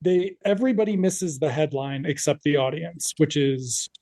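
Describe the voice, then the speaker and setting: A man's voice: fairly high pitch, moderate pace, mellow. A man co-hosting a podcast, wryly recapping a show in casual chat. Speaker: podcast co-host.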